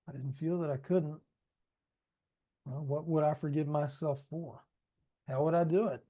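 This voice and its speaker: A man's voice: a little high, fairly even intonation, measured pace, lo-fi sound. A man reading his own book aloud in a conversational way, adding asides and speaking straight to listeners. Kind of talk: audiobook narration with ad-libbed asides.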